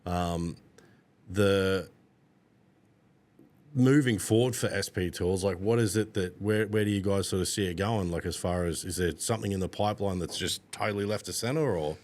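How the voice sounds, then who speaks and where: A man's voice: deep voice, moderate pace, a little mellow. A man hosting a podcast, laid-back and jokey, who swears and asks rambling questions full of "um" and "like". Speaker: podcast host. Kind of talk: casual podcast interview.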